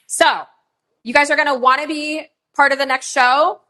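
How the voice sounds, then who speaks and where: A middle-aged woman hosting a live online shopping show, chatting in a bubbly, gushing way and running quick countdowns between items. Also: sits high, steady tone, bright, forceful tone.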